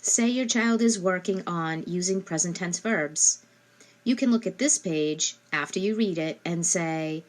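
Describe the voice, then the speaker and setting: A woman giving instructional narration as a speech therapist, speaking slowly and carefully and modeling questions for a child. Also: fairly low pitch. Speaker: speech-language pathologist.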